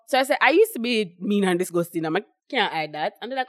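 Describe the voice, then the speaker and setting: A woman's voice: mid-range voice, animated, quick pace, a bit bright, no echo, clean studio sound. A young woman with a Jamaican accent chatting casually on a podcast, rambling with lots of fillers and quoting what others say. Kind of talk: casual chat.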